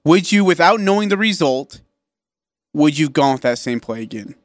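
Sports radio co-host dude, jokey and laughy, dry close mic. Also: male voice, a little high, animated, normal speed, no echo. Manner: joking, laughs easily. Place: radio studio.

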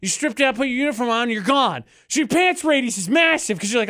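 A young man co-hosting a morning radio show, teasing and joking in quick asides. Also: very high voice, animated, pushed and bright, no echo, studio quality. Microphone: studio microphone.

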